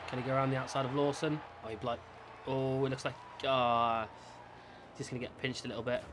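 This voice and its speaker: A man giving excitable, chatty commentary while playing a racing management game, cheering his drivers on. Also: mid-range voice, a little fast, slight background noise. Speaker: gaming creator.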